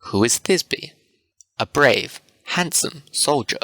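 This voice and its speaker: A man's voice: a little high, animated, slow, sharp tone, no echo, voice pushed up, exaggerated voice. A man reading the part of a reluctant young shoe mender who does not want to play a woman, in a protesting manner, in a storybook reading.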